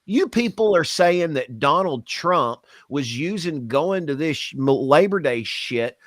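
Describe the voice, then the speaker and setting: A man's voice: fairly high pitch, lively intonation, measured pace, no echo, studio quality. A man co-hosting a casual podcast, ranting bluntly and swearing. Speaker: podcast co-host.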